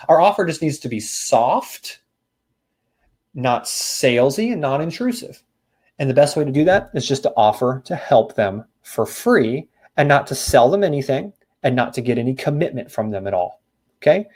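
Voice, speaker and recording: A man's voice: medium pitch, sing-song, moderate pace, darkish tone. Folksy man coaching a sales seminar. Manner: casual, folksy coaching with acted-out door scripts. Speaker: real estate sales trainer. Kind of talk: recorded training seminar.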